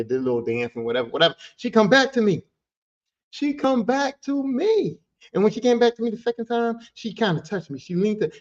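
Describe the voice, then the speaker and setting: High voiced guy rambling a story on his podcast, lots of cussing and repeating himself, dull muffled audio. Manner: animated, profane, repeats phrases for emphasis. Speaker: podcast host. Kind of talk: casual storytelling monologue.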